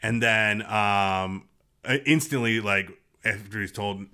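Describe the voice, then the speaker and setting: A man's voice: fairly low pitch, steady tone, slow pace, pushed and bright. A man hosting a casual podcast chat, rambling with fillers and restarts and acting out quotes. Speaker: podcast host.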